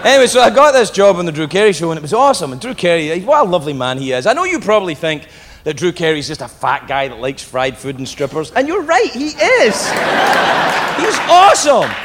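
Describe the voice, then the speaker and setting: A man's voice: on the high side, animated, fast, fairly bright tone. A man doing stand-up comedy, telling a story with laughing asides and swearing, on a stage before a live audience. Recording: live club with crowd noise.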